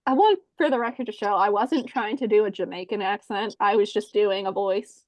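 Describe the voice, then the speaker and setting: A woman's voice: medium pitch, a little fast, a little mellow, no room sound, rough recording. A woman co-hosting a comedy podcast, chatting playfully and reading out trip details. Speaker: podcast co-host. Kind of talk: casual comedic chat.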